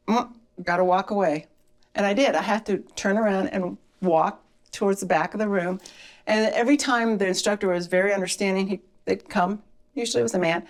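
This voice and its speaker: A woman guest, a firearms instructor, talking casually and earnestly on a podcast, sharing personal stories with feeling. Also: medium pitch. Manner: earnest, storytelling, emotional at times.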